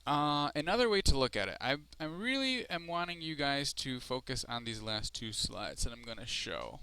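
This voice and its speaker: In a recorded screencast lesson, a male Spanish teacher walks through the material step by step, slow and deliberate, with frequent ums and fillers. His medium-pitched voice is smooth, bright, forceful and very animated.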